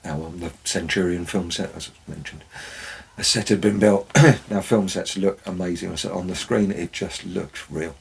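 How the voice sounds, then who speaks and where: A man's voice: sits low, fairly even intonation, normal speed, creaky, breathy edge, rough recording. A man, a former forest warden, tells wry anecdotes in a dry, storytelling way. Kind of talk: storytelling narration.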